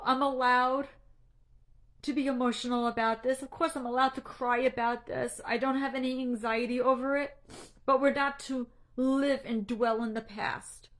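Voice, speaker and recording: A woman's voice: high-pitched, fairly even intonation, normal speed, fairly bright tone. A middle-aged woman coaching on anxiety, talking directly to her group on a livestream in an earnest, slightly preachy way, emotional and close to tears. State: tearful, emotional. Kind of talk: casual livestream talk to a group.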